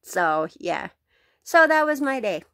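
Slow-talking woman ranting blunt and profane. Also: mid-range voice, very animated, pushed and bright, no echo, clean studio sound. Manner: blunt and profane, laughs between sentences. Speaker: vlogger. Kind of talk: casual venting rant to camera. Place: at home.

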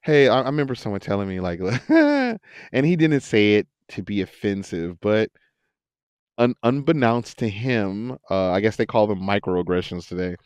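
A man who works as an actor and voice actor, chatting in a podcast interview, telling stories with lots of laughter and quick impressions. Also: lowish voice, smooth, no echo. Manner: animated storyteller, laughs often, jumps into quoted voices. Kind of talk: casual interview chat.

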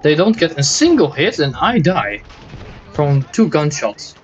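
With a fairly high pitch and very animated delivery, this man speaks unhurriedly through a little hiss or hum. His let's play commentary on a shooter game is a stream of exasperated, profane, joking complaints, occasionally switching into mock German and Dutch.

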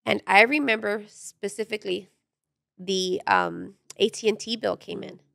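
A woman's voice: medium pitch, huge pitch swings, measured pace, vocal fry, bright, forceful tone, no room sound, clean studio sound. A woman co-hosting a podcast, chiming in with short remarks and then telling her own story in a casual way. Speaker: podcast co-host. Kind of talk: casual chat.

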